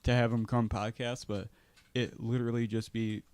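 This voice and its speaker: A man's voice: mid-range voice, little pitch movement, moderate pace, a little mellow, smooth, no echo. A man co-hosting a casual podcast, laid-back, laughing often and swearing freely. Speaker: podcast co-host. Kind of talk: casual chat.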